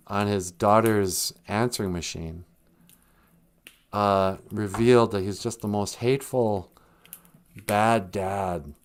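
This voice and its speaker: A man's voice: fairly low pitch, a little hiss or hum. A man hosting a comedic livestream podcast, joking and laughing often. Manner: joking, laughs often, slips into silly voices. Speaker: podcast host.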